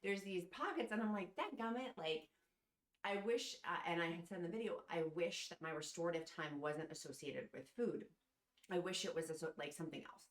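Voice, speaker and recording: A woman's voice: fairly low pitch, a little fast, reverberant. A woman talking straight to camera in a vlog, tearful and heartfelt, rambling with fillers. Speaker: vlogger. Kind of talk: emotional casual vlog. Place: at home, in her robe.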